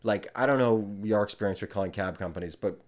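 A man's voice: on the low side, fast. A young man, a comedian guest on a podcast, telling a casual story with lots of fillers and acted-out back-and-forth. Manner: rambling, filler-heavy, retells exchanges in dialogue.

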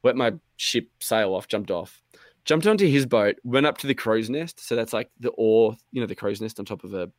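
Rambling, low-voiced man. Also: moderate pace, dry recording, studio quality. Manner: rambling, swearing storyteller acting out his own thoughts. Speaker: podcast co-host. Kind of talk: casual chat.

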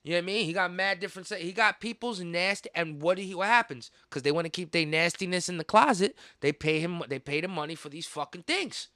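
A bright, high-pitched man holds forth on his podcast. He rants in a heated, profane, repetitive way and bursts out loudly now and then. His voice sits close and dry on the mic. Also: fast talker, few pauses, dry recording. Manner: heated, profane, repetitive ranting with sudden loud outbursts. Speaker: podcast host. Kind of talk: casual podcast rant.

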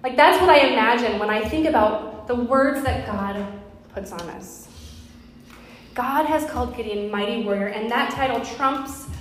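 A woman's voice: fairly high pitch, normal speed. A woman pastor in her thirties preaching a sermon, telling a personal story in an earnest, conversational way. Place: church sanctuary. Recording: very echoey hall with faint background noise.

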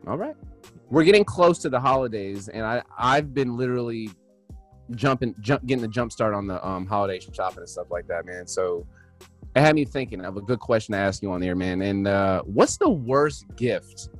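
A man's voice: lowish voice, animated, normal speed, soft background music. A man co-hosting a casual podcast, loose and chatty, often tagging his sentences with "man". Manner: laid-back, drops "man" and "you know what I'm saying" often. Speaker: podcast co-host. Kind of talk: casual chat.

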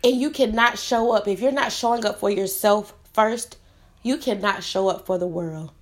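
A woman in her thirties talks straight to her listeners on her own podcast, earnest and heartfelt. Her voice sits at an ordinary middle pitch for a woman, and she delivers her encouragement with open sincerity. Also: normal speed. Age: 30s. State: tearful at times. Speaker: podcast host. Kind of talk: motivational solo podcast talk.

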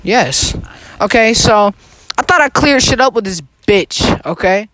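A man's voice: high voice, expressive, unhurried, sharp tone, dry recording. A teenage boy ranting profanely in a casual podcast chat with friends. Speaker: podcast host.

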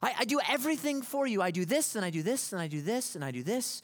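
A man's voice: high-pitched, expressive, fast talker, voice pushed up. A man preaching puts on the voice of an exasperated middle-aged wife who snaps back indignantly. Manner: snapping, indignant.

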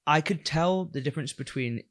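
A man's voice: fairly high pitch, brisk. Chatty swearing male podcast host. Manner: chatty, swearing, loose and rambling. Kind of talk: casual chat.

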